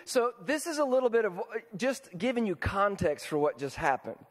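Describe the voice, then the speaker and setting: Very animated and brisk, a high-pitched pastor preaches with a big-room sound, chatting casually and repeatedly asking the congregation questions.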